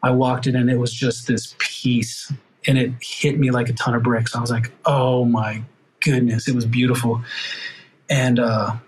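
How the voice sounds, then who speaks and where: A middle-aged man on a podcast tells a story with earnest feeling and brings it to life in the voices of others. His voice sits at an ordinary mid pitch. A faint noise is heard behind him. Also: moderate pace, poor audio. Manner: earnest, emotional, animated retelling with quoted voices. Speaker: podcast guest, firefighter.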